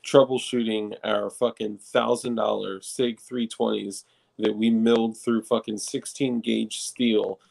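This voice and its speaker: A man's voice: on the low side, flat delivery, a little slow, creaky, darkish tone, poor audio. A man co-hosting a casual podcast, talking in a rambling, restart-filled way with frequent swearing. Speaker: podcast co-host. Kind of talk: casual chat.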